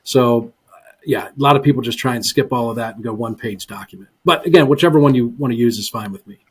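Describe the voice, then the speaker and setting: A man's voice: medium pitch, fast, slightly rough. A man telling stories in a casual podcast interview, full of ums, often acting out what other people said. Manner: animated storyteller, many ums, voices other people in quotes. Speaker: guest, real estate investor. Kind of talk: casual interview talk, acting out sales calls.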